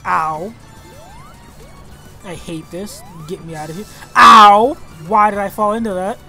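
Young man, excitable let's play commentary, exclaims and swears a lot, game music behind. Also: high-pitched, measured pace.

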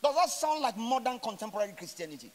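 A man preaching a sermon as a pastor, swinging from loud emphatic lines to quiet, drawn-out endings and slowly stressing scripture quotes. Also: very high-pitched, sing-song. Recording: long hall reverb.

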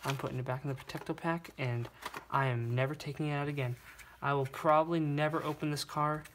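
Young man, excited unboxing vlog, stammering, gushing, noisy recording. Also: on the high side, fairly quick. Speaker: toy car collector vlogger. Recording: noisy room with crinkling bags.

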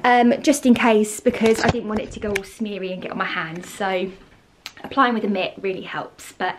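A woman's voice: mid-range voice, fairly even intonation, moderate pace. A woman talking casually to camera in a beauty vlog, chatty with plenty of ums. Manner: chatty, upbeat, lots of ums. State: tired, croaky, half-whispering. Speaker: vlogger.

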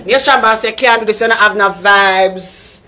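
A woman's voice: mid-range voice, normal speed, bright, forceful tone. Ranting Jamaican woman, heated and confrontational. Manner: heated, repetitive, confrontational, calling someone out. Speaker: social media personality. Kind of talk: ranting live video.

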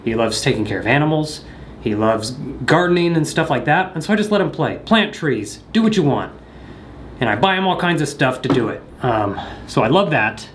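A man's voice: mid-range voice, sing-song, moderate pace, slight background noise. A man vlogging casually at home, rambling with lots of hesitant ums and jokey asides. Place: at his house.

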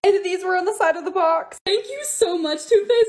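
A young woman chatting through her own vlog, narrating each task step by step in an excitable, casual way. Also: very high-pitched, moderate pace. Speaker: TikTok creator.

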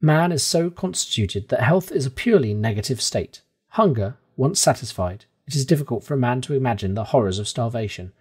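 A man reading a classic novel aloud in calm, measured audiobook narration. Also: medium pitch, breathy edge.

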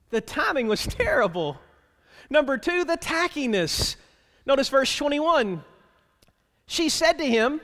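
A man's voice: extremely high pitch, sing-song, a little slow, a bit bright, long reverb tail. A man preaching a sermon as pastor, plainspoken and wry, speaking to the congregation in a conversational way and asking them rhetorical questions. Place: church sanctuary.

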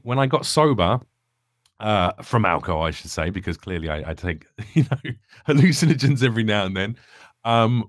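A man's voice: on the low side, no room sound, studio quality. A young man, a comedian guest talking earnestly and reflectively in a candid podcast conversation. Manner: earnest, reflective, rambling with restarts.

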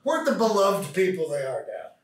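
A man from the US East Coast, a comedian guest on a podcast, telling stories in an animated way. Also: high voice, brisk, a little hiss or hum. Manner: animated storyteller. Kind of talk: casual comedy chat. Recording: roomy, distant mic.

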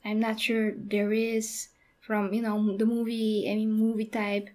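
A young woman casually talking through a movie review on her channel, halting and restarting her sentences as she goes. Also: medium pitch, completely flat delivery, dark tone. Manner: halting, with frequent restarts and fillers.

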